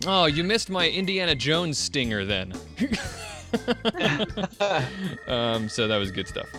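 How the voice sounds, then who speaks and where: A man's voice: medium pitch, slow, over music. A man hosting a podcast in casual chat, rambling and self-deprecating, with many fillers and laughs. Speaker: podcast host.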